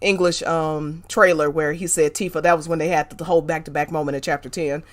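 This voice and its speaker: A woman's voice: low-pitched, steady tone, fairly quick. A woman hosting a stream in casual chat, laughing and restarting her sentences as she talks. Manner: chatty, laughing, trails off and restarts. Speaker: stream host.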